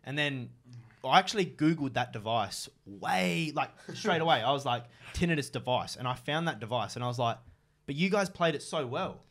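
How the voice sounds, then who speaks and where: This is a young man on a casual podcast with his roommates. He speaks at an ordinary pitch, blunt and loose, and swears freely as he retells what happened. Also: expressive, moderate pace, fairly bright tone. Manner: blunt, swearing, tells stories with quoted dialogue. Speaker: podcast co-host. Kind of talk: casual banter among roommates.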